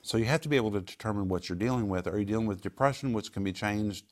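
A man answering viewer questions on a faith talk show, explaining in a calm, confident teaching manner. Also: lowish voice, rapid-fire. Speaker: Bible teacher.

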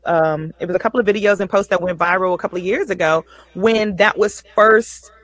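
A chatty woman runs a casual livestream show in an everyday middle-pitched voice. She talks in folksy slang and circles back over her points. The sound is close and dry. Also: brisk, a bit bright, dry recording, rough recording.

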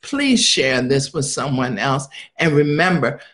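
A man's voice: medium pitch, big pitch swings, measured pace, fairly bright tone. A male minister preaching a live-streamed sermon in a call-and-response style, sometimes dropping to a near-whisper.

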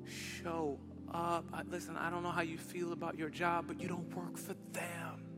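A male preacher with a high, bright-toned voice tells a story from the pulpit. He swings from loud, excited bursts down to near-whispered lines. Music plays clearly underneath. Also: moderate pace. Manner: dynamic, swings from loud to hushed. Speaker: pastor. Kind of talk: sermon. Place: church.

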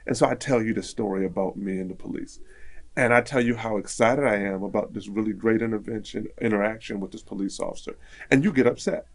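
A man's voice: lowish voice, quick pace. A man telling a personal story in casual conversation, acting out the voices of people in it. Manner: animated, acts out quoted dialogue.

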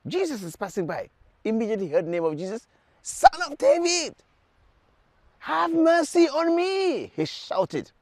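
A man's voice: high-pitched, darkish tone, no room sound. A man leading a televised prayer sermon, urging viewers with fervent repeated calls. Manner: fervent, repetitive exhortations to the viewer. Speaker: preacher.

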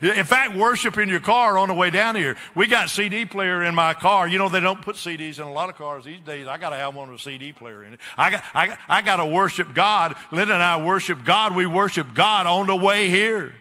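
Preacher man with a high sharp voice, repeats himself a lot, asks the crowd stuff, big echoey church. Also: fairly quick, hardly any pauses. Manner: emphatic, repetitive preaching with spoken asides to the congregation. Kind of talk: sermon. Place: church sanctuary.

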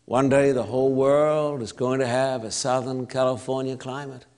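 A man with an Australian accent preaching a sermon, emphatic and repetitive, with long pauses between phrases. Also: mid-range voice, level tone, a little mellow.

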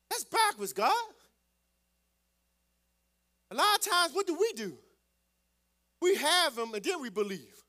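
A man preaching a sermon as pastor, calling out to the congregation and swelling loud on scripture. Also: very high-pitched, big pitch swings, measured pace, long pauses.

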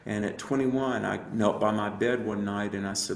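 A man's voice: fairly low pitch, fairly even intonation, moderate pace, creaky, reverberant, slight background noise. A man who is an evangelist, telling his personal faith story in an earnest, reflective way with frequent fillers. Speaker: evangelist and apologist guest. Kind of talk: personal testimony in a radio interview.

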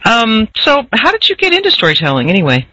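A curious woman interviewer asking questions in a casual chat. Her voice is bright and a little high. The recording is dull and close, lo-fi. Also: wildly swooping pitch, fast, dry recording. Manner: warm, curious questions, laughs often.

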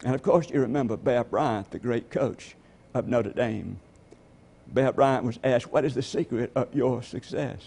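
A man's voice: medium pitch, a little slow, gravelly, warm tone, breathy edge. A man preaching a sermon as pastor, telling stories and asking the congregation rhetorical questions.

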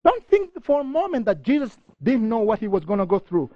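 A middle-aged man preaching a fervent sermon, reading scripture aloud and rising to near shouting. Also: high voice, sing-song, fairly quick, no room sound, lo-fi sound. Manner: reads scripture passages aloud.

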